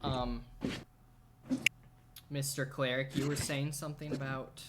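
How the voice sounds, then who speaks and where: A man runs a tabletop game as game master, exasperated and quick to swear. There is a clear hiss of noise under his voice. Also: mid-range voice, flat delivery. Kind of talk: casual tabletop game chat.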